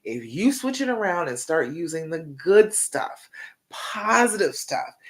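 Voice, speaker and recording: A woman coach on a live stream, giving encouraging instructions in an emphatic, repetitive way and ending many points with "okay?". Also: lowish voice. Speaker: relationship coach.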